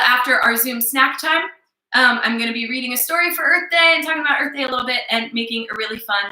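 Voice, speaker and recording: A woman with a high, very bright voice leads small children through circle time over a webcam. She speaks softly and playfully, slowing down for affirmations she wants them to repeat. The room sounds echoey. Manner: soft, encouraging and playful, with slow spoken affirmations. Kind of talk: gentle lesson for young children.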